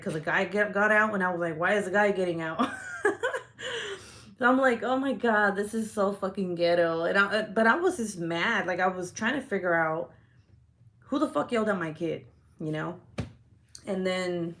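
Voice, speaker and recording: A young adult woman vlogger telling a heated neighborhood story in a casual, profane way, full of "like" fillers. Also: fairly low pitch.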